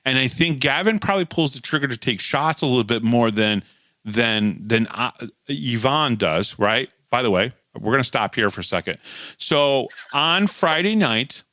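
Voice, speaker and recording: A man's voice: mid-range voice, animated, measured pace, sharp tone, no room sound. A man co-hosting a podcast, chatting casually and recapping hockey games from his notes, with frequent restarts. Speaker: podcast co-host. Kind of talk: casual sports talk and game recap.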